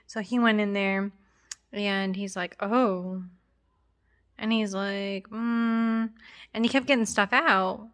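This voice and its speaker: Young woman, casual vlog chat, rambling with fillers, congested nose, middle pitch. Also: fairly even intonation, slow pace, pauses often, fairly bright tone. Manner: rambling, many fillers and restarts. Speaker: vlogger.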